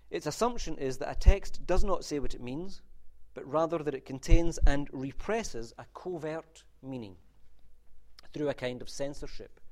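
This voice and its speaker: A man's voice: mid-range voice, darkish tone. A man giving a university literature lecture in a wry, discursive manner, with asides and restarts. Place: lecture room.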